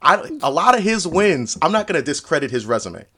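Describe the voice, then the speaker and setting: A man's voice: a little high, big pitch swings, brisk, bright, forceful tone, slightly rough. A man as a podcast guest, giving blunt, confident opinions in casual talk.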